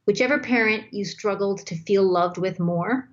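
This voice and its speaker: A woman's voice: medium pitch, normal speed. A woman speaking as a guest on a talk show, giving flowing, emphatic advice and acting out sample dialogue. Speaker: guest expert. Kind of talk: relationship advice chat. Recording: slightly dull lo-fi sound.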